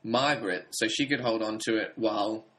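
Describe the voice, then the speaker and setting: A man in casual conversation, calmly explaining story details and hedging with "I think". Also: fairly low pitch, fairly quick. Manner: explains plot points steadily, hedging with "I think". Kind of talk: casual podcast chat about a TV drama.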